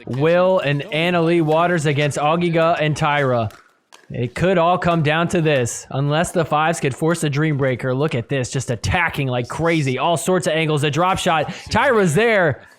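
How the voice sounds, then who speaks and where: A man hosting a podcast, recapping a match in play-by-play commentary and getting loud and excited at the big points. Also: a little high, moderate pace. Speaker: podcast host.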